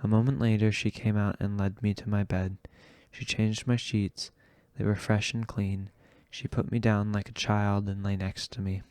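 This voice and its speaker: A man narrates an audiobook in a slow, measured way. His low voice stays smooth and even, and the recording is dry and close. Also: no echo. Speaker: audiobook reader.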